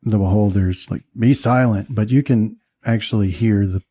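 Dark-voiced man running a tabletop game. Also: fairly low pitch, fairly even intonation, no echo, studio quality. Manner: halting, descriptive, many fillers. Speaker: game master.

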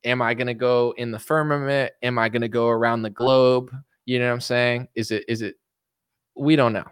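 A man's voice: medium pitch, little pitch movement, brisk, clean tone, no room sound, clean studio sound. A man from the United States answering viewer questions in a casual, rambling, joking livestream chat. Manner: rambling, joking, reads viewer comments aloud.

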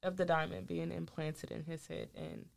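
A woman's voice: sits low, level tone, normal speed, gravelly. A woman co-hosting a casual gossip chat, playful and curious, asking lots of questions. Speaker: co-host of celebrity gossip show.

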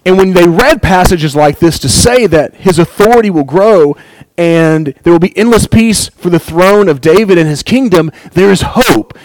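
A man giving an earnest, animated Bible teaching, reading scripture aloud and commenting on it, often with a light chuckle. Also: high-pitched, normal speed, no room sound, rough recording.

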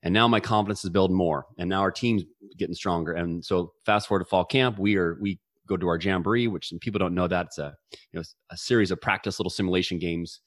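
A man's voice: low voice, fast talker, dry recording, studio quality. A man in his forties telling a personal story as an interview guest, earnestly, with frequent restarts and repeated words. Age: 40s.

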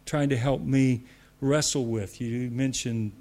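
A man's voice: medium pitch, fairly even intonation, slow, a little mellow. A man preaching a sermon with emphatic repetition, laughing between points.

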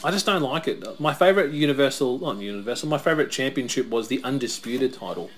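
A man's voice: mid-range voice, lively intonation, quick pace, fairly bright tone, slight background noise. Chatty man co-hosting a watch-along. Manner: chatty, reads out wrestler facts, tells stories. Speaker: podcast co-host. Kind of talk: casual watch-along chat.

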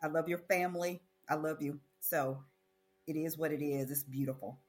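A woman in her forties, a podcast guest, speaking in a relaxed, reflective way with some hesitant fillers. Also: sits low, moderate pace, soft background music. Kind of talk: casual conversation.

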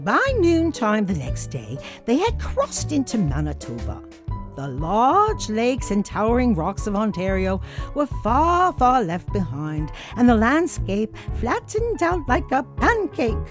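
An older woman from Canada reading a children's story aloud in an expressive, animated way. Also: fairly high pitch, a little slow, soft background music.

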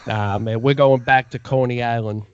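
A man's voice: medium pitch, steady tone, normal speed. A man with a New York accent, a Brooklyn native guesting on a podcast, who talks in a streetwise, joking, profane way. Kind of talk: casual podcast chat. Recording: slightly dull, lo-fi sound.

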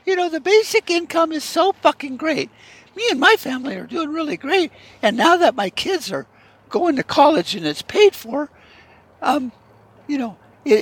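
A man voicing a cheery, callous female TV news co-anchor in a high falsetto as a mocking bit in a podcast rant. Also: expressive, normal speed, creaky, exaggerated voice. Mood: fake cheerful. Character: chirpy woman TV news co-anchor.

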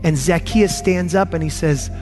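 A pastor preaching a sermon, earnest and emphatic, with words he repeats for weight and some lines dropped to a hush. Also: fairly high pitch, normal speed, music in the background.

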